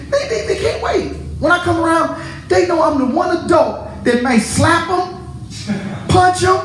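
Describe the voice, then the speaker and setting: A pastor preaching a sermon to his congregation, animated and joking with them. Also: very high-pitched, echoey room, slight background noise, rough recording. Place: church.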